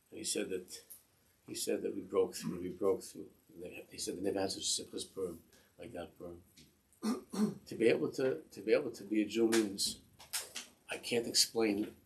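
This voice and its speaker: A man teaching a class, telling a Hasidic story with animation and acting out the voices of the people in it. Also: deep voice. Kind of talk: storytelling sermon.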